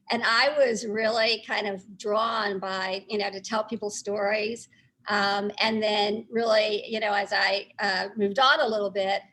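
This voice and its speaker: A middle-aged woman from Texas with a Texan accent softened by New York, answering interview questions in a friendly way with many ums and uhs. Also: fairly high pitch, husky, rough recording. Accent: Texan blended with New York. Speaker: newspaper publisher, guest.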